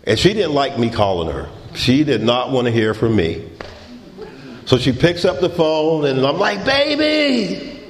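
A man's voice: mid-range voice, darkish tone. A middle-aged man telling his story at a recovery meeting, laughing and acting out quotes. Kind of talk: personal testimony talk. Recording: echoey hall recording. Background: audience laughter.

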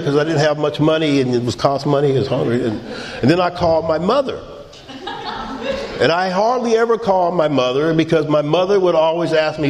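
A man's voice: fairly high pitch, brisk. A middle-aged man telling his story at a recovery meeting, laughing and acting out quotes. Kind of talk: personal testimony talk. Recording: echoey hall recording. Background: audience laughter.

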